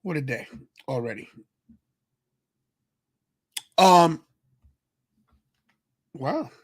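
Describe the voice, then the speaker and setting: A man with a fairly high voice talks in a loose, rambling way, greeting viewers in the chat as he goes. He sounds tired and sleepy, chatting casually as host of his live stream. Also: animated, slow, breathy edge. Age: adult with kids. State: tired, yawning. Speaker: podcast host.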